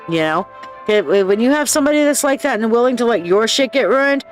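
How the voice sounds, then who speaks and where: A woman's voice: fairly high pitch, moderate pace, faint music behind. A woman hosting a psychic live stream in casual chat. She reads viewers' posts aloud, acts out the people in them with bold voices, and talks bluntly and with profanity, calling viewers babe and dear.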